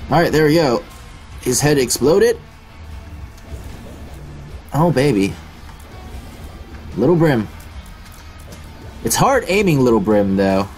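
Narrating his gameplay for a let's-play video, this young male host curses a lot, makes fun of his own playing, and lets out excited yelps when hit. He talks slowly in a mid-range voice with long pauses. Faint music plays behind him.

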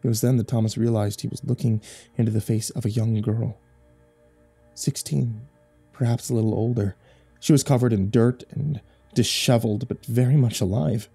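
A man's voice: medium pitch, steady tone, vocal fry, mellow, breathy edge, soft background music. Man narrating a horror story. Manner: measured, dramatic storytelling.

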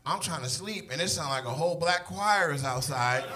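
A man in his thirties performs stand-up into a handheld mic on stage. His voice sits a bit high, and he tells the story in an animated way, dropping to a near whisper and then bursting into shouts. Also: a little fast, few pauses. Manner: animated, swings from hushed to shouting. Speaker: stand-up comedian. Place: comedy stage before a live audience.

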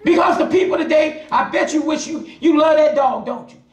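A man's voice: extremely high pitch, a little fast, raised voice. A man teaching a Bible study class in a passionate, hollering preaching style, hammering points home with repetition. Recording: echoey room, mic at a distance.

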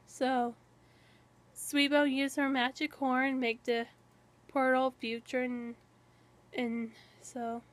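A young woman telling an improvised fan-fiction story, rambling and halting with many restarts. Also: sits high, level tone.

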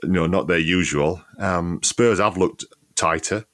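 A man's voice: low voice, unhurried, fairly bright tone. A man co-hosting a casual football podcast, talking in an easygoing way with many fillers and frequent laughs. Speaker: podcast co-host, former player.

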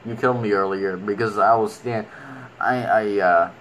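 A man's voice: lowish voice, fairly even intonation, normal speed, a bit bright, slight background noise, poor audio. A man giving casual commentary while playing a video game, rambling and talking fondly to the creatures on screen.

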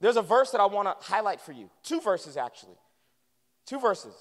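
High-voiced preacher in a reverberant church. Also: male voice, normal speed. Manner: animated call-and-response preaching. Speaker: guest preacher. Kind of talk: sermon. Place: church sanctuary. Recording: long reverb of a church hall.

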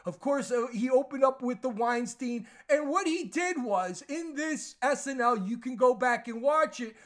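Heated, very high-voiced male commentator. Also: lively intonation, moderate pace. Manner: heated, emphatic, at times shouting. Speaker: online news commentator. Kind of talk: ranting commentary monologue.

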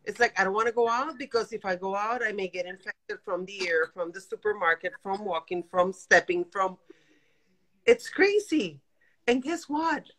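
A woman in her fifties calling in from her apartment over a phone video call, talking in animated, exasperated bursts. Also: mid-range voice, moderate pace, rough recording. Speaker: guest caller. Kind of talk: emotional live-stream chat. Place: home apartment.

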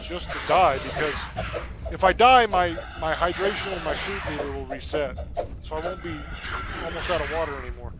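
Man, gameplay commentary, slightly high voice, chatty, game music underneath. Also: fairly quick, poor audio. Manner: chatty, thinking out loud, exasperated. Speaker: gaming YouTuber.

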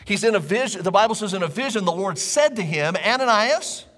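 A pastor preaching a sermon to a live congregation in a church, talking conversationally and repeating phrases for emphasis. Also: male voice, sits high, expressive, fast talker. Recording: long church reverb.

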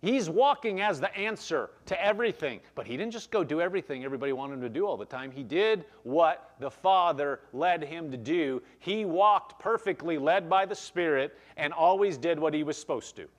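A man's voice: on the high side, lively intonation, moderate pace, hardly any pauses. A man preaching a conversational sermon in a church, reading scripture aloud and explaining it with frequent restarts. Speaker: pastor.

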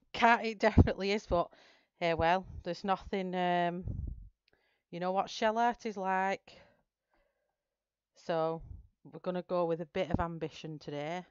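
A woman's voice: lowish voice, takes it slowly, long pauses, clean tone, dry recording, dull audio. A woman hosting a live stream, chatting casually, greeting viewers by name and explaining her plan step by step. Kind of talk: casual live-stream chat while colouring.

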